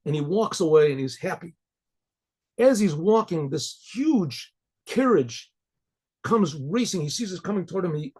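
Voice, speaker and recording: A man's voice: fairly high pitch, vocal fry, darkish tone, slightly rough. A male rabbi telling a folk story in a loose, conversational way, restarting his sentences often.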